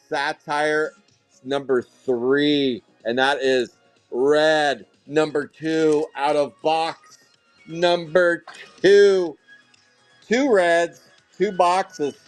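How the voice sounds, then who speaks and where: A man's voice: on the high side, fairly even intonation, smooth, faint music behind. Hyped, breathless card-break host, man. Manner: hyped, rapid, joking with chat. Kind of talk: live-streamed card break commentary.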